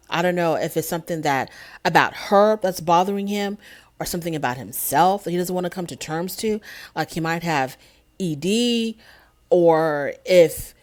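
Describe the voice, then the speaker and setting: Woman host doing a casual show recap, kinda low voice, animated and fired up. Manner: animated, indignant storytelling.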